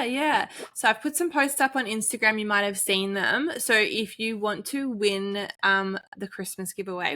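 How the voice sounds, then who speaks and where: A woman co-hosting a podcast in casual chat, telling lively anecdotes and slipping into other people's voices. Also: mid-range voice. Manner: lively storyteller, acts out others in her anecdotes. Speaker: podcast co-host.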